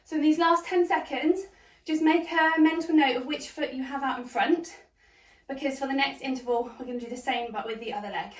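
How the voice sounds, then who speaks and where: A woman's voice: sits high, fairly even intonation, a little fast, roomy sound, far from the mic. A woman leading a hoop workout, out of breath, cheering people on and counting down the reps. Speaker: fitness instructor. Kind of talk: workout instruction.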